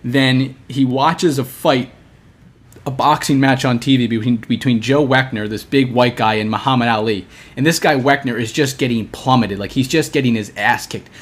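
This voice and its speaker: A man's voice: mid-range voice, normal speed. Man telling a story on a podcast. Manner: animated, with many restarts, acting out quoted lines. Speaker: podcast co-host. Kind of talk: casual storytelling chat.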